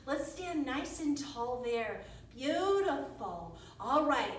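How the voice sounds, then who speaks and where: A woman guides small children through a yoga class with a bright, sing-song warmth. Her voice sits high, and she is heard from some distance. The studio around her is very echoey, with a faint hiss of room noise. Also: very animated, takes it slowly. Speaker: kids yoga teacher.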